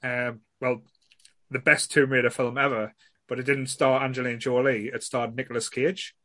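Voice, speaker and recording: This is a man at a mid pitch, talking loosely as a podcast host, circling back and restarting his sentences and dropping a swear now and then. His voice sits close and dry, with no room sound around it. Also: level tone, normal speed, sharp tone, no room sound. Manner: rambling, frequent restarts, blunt swearing. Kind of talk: casual chat.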